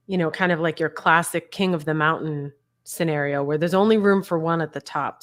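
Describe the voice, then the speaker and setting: A woman's voice: lowish voice, a bit bright. A woman in her forties, a mother, frankly telling her family's story as an interview guest over a video call, talking conversationally with light laughs. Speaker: guest, mother of a bullied son. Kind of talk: candid personal story in an interview.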